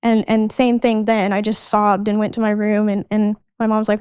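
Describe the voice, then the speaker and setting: A young adult woman, a podcast guest, recounting her life in a halting way, often restarting sentences and reenacting old conversations. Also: mid-range voice, level tone, darkish tone, clear, resonant tone, no echo. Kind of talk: candid personal storytelling.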